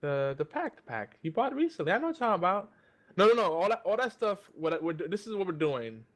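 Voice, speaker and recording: A man's voice: high voice, very animated, fairly quick, a bit bright. A man co-hosting a podcast over a video call, ranting in casual chat, swearing freely and stumbling through restarts. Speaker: podcast co-host. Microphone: joined by video call.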